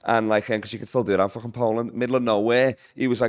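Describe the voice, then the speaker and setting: A young Liverpool man, a guest comedian, tells rambling, swear-heavy stories in a casual podcast chat, laughing at his own tales. His mid-range voice is smooth, level in tone and rapid-fire, captured with clean studio sound and no room noise.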